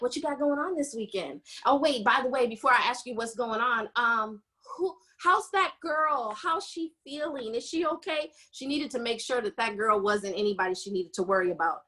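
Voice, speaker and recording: A woman hosts a podcast and walks through a romance story in a casual, chatty way. Her voice sits a little high, and she slips into the characters' lines as she tells it. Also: a bit bright. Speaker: podcast host. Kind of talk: casual book recap chat.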